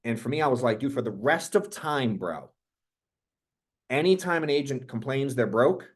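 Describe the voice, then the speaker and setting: Energetic, profane male business coach. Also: mid-range voice, moderate pace, husky. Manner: energetic, profane, rambling storyteller. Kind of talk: casual motivational talk to a group.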